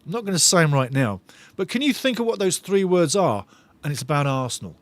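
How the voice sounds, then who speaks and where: A man's voice: a little high, very animated, brisk, dry recording. A male fan host reading viewers' chat aloud during a live football watch-along, enthusiastic and given to repeating his phrases.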